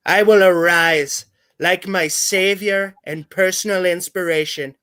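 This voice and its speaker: Man doing a grandiose ex-president impression, high voice, slow drawl, bright smooth tone, pompous. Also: fairly even intonation. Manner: pompous, grandiose speech-making. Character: blustering, self-pitying ex-president impression. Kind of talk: sketch comedy impression.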